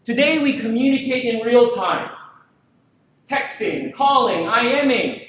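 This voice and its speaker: A man from the Philippines giving an energetic conference presentation, lively and joking, full of rhetorical questions. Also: very high voice, measured pace, slight background noise. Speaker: conference speaker. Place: large conference hall. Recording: echoey, dull hall recording.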